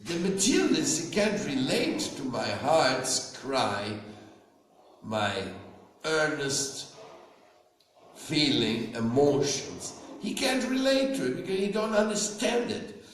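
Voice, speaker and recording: A man, a spiritual teacher, giving a slow devotional talk to an audience and often asking them questions. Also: a little high, very animated, recorded from a distance, slight background noise. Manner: slow, conversational, asks listeners questions. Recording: very echoey room, faint ambience.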